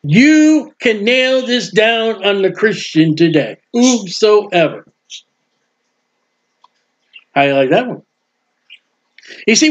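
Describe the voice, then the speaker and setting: A man preaching a sermon with emphasis, swinging between loud proclaiming and quiet asides. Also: very high voice, muffled recording.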